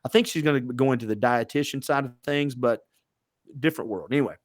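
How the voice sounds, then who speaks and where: A man's voice: mid-range voice, fast talker, no room sound. Middle-aged man, podcast host, casual storyteller, lots of fillers, dry sound. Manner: chatty storyteller with many fillers. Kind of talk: casual interview chat.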